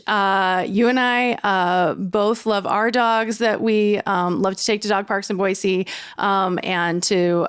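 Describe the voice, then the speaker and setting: A woman's voice: medium pitch, clean tone. A woman producer co-hosting a local podcast, earnest and chatty, with many ums and uhs. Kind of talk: casual show announcement.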